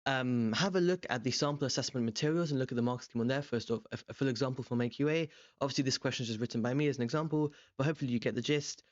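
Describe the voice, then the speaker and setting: A young man tutoring, walking through an exam question in a relaxed, rambling way with many ums and self-corrections. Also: mid-range voice, rapid-fire, hardly any pauses, dry recording, lo-fi sound. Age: young adult. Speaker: language tutor. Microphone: desk microphone beside a webcam.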